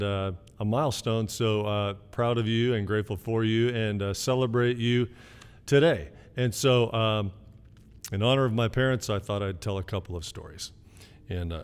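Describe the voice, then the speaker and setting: Low, smooth-voiced man telling family stories. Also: big-room sound. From Canada. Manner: rambling storytelling with many fillers. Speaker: son giving an anniversary message. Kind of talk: casual recorded video greeting.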